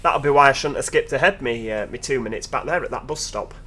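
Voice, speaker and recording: A man's voice: mid-range voice, fast talker, bright, forceful tone, a little hiss or hum. Chatty man commentating a game. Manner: chatty, joking asides addressed to viewers. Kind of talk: casual gameplay commentary.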